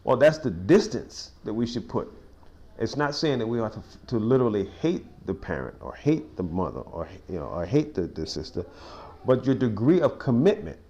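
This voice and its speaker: This is a medium-pitched male voice at a moderate pace, leading an informal Bible study verse by verse in a small cafe. Folksy and conversational, he often restarts and says "you know," and his talk builds to excited sports anecdotes.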